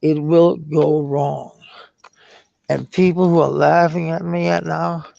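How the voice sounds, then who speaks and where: A man rambling in a halting live-stream monologue, repeating words, trailing off and swearing. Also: a little high, level tone, vocal fry, dark tone, no echo, lo-fi sound. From Denmark.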